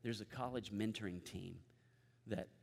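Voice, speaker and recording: A man's voice: lowish voice, moderate pace, gravelly, in a large hall, slight background noise. A pastor preaching a sermon to his congregation, emphatic and repeating key phrases as he leads them in recitation.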